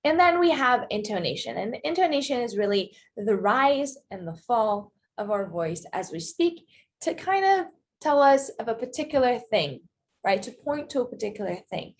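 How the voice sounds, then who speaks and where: A woman's voice: on the high side, very animated, normal speed, slight background noise. Woman teaching pronunciation, casual lesson. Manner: explanatory, checks in with "okay" and "all right".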